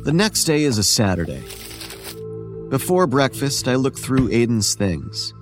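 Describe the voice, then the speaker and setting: A man narrating a horror story in the first person as a weary homeless boy who looks about eleven, speaking in a quiet, measured, tired way. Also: mid-range voice, big pitch swings. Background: soft music.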